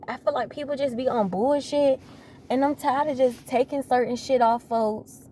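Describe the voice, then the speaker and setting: Young woman, twenties, vlogger, casual rant, higher-pitched voice, exasperated, repeats herself, asks viewers questions. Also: moderate pace, mellow, slight background noise. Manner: talks straight to viewers, asks rhetorical questions. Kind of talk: casual venting monologue.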